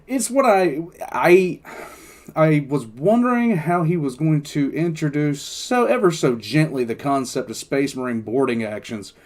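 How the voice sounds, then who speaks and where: A man's voice: on the high side, expressive, a little slow, rough recording. An older man hosting a reaction channel, chatting casually and talking fondly to his dogs. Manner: chatty, doting baby talk to pets. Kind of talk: casual chat.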